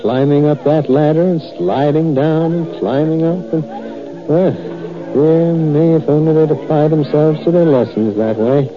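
A man's voice: on the high side, a little slow, natural voice. A man playing a mild, fussy old schoolteacher in 1940s radio acting, hesitant and prone to stammering, on a dull old radio recording with faint music. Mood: musing. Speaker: teacher.

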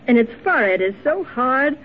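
A timid young wife, tinny radio. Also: female voice, high voice, very animated, moderate pace, a little hiss or hum. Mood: whimsical. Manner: soft, hesitant and emotional. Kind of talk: 1940s radio acting. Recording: tinny, narrow old radio recording.

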